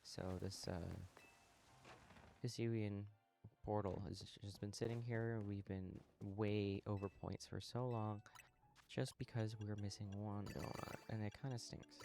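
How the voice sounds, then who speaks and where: This is a man with a lowish voice, live-streaming a game and talking casually to his viewers as he plays. He sounds relaxed and a touch sleepy. Quiet game music runs faintly behind him. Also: measured pace, creaky. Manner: relaxed, talks to chat while playing, yawning. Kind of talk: casual live-stream chat while gaming.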